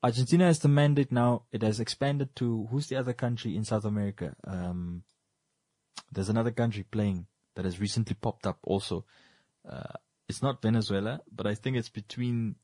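A man's voice: mid-range voice, normal speed, a little mellow, dry recording, studio quality. A man co-hosting a casual discussion, emphatic, repeating his points for stress.

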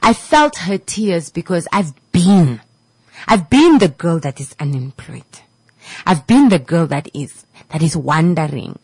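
A woman's voice: lowish voice, animated, a little slow, darkish tone, husky, no echo, rough recording. A woman radio host giving a heartfelt motivational talk to her listeners, repeating her points and dropping to a whisper at times. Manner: repetitive, preachy, emotional, drops to a whisper at times.

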